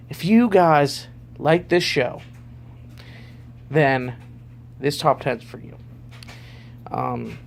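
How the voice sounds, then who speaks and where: A man's voice: a little high, gravelly, a little hiss or hum. A man hosting his own vlog, rambling loosely through a ranking with lots of fillers. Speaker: vlogger.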